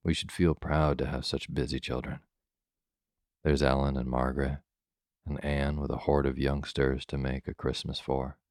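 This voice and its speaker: A kindly old country doctor, cheerful and brisk, read by a man with a very deep voice. His tone stays level and unhurried, recorded close and dry. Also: flat delivery, darkish tone, no echo. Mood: cheery.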